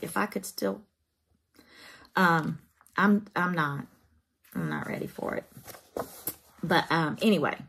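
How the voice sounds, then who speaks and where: Husky woman chatting about crafts. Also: lowish voice. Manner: chatty, folksy, emotional. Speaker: craft vlogger. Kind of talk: casual chat to camera. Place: home craft room.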